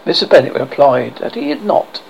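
Expressive reader with a gravelly voice. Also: medium pitch, normal speed, highs cut off, a little hiss or hum. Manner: expressive reading with occasional slips and restarts. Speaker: audiobook reader. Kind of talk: classic novel read aloud.

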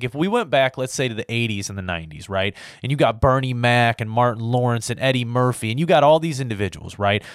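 A man's voice: medium pitch, dry recording, studio quality. Heated, rambling man in his thirties. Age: 30s. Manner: heated, profane, rambling with many fillers. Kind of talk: casual opinion rant to camera.

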